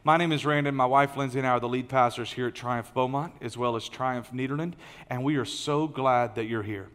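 A man's voice: mid-range voice, steady tone, a little fast, fairly bright tone. A middle-aged man, preaching a conversational, folksy sermon as lead pastor, with many fillers and restarts. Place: large church auditorium. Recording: long reverb of a large hall.

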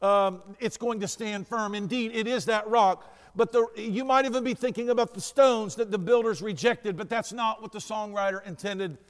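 High-voiced preacher in a reverberant hall. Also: male voice, moderate pace, few pauses, clear, resonant tone. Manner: storytelling preacher, rising to emphatic declarations. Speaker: pastor. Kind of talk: sermon. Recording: long reverb of a large room.

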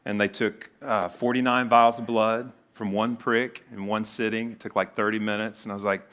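A man's voice: fairly low pitch, flat delivery, normal speed, fairly bright tone. A middle-aged male pastor giving a sermon in an earnest, conversational way, slipping into spoken prayers.

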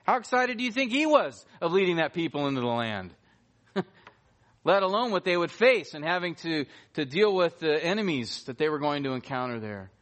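Emphatic preacher, higher-pitched man. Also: sing-song, normal speed, a bit bright. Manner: emphatic, repeats key phrases for weight. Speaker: pastor. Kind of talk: sermon.

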